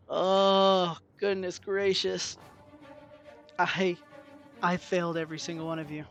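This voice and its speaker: Streaming a video game from a room at home, a man talks to his chat with expressive, self-deprecating commentary. His voice sits high, and the audio sounds dull.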